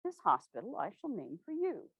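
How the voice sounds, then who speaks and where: A woman voicing a kindly, teasing 1860s president in a gentle, wry, lowered voice. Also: wildly swooping pitch, normal speed, breathy edge, dry recording, highs cut off, exaggerated voice.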